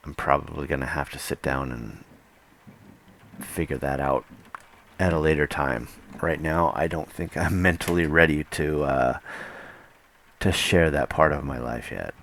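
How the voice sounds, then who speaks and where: A man speaks very low, with a gravelly creak, in an unprepared vlog. He wanders from point to point, hesitating and circling back as thoughts come to him. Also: a bit bright. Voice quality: rambling, hesitant, off the cuff. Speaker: vlogger. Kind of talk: unscripted casual vlog.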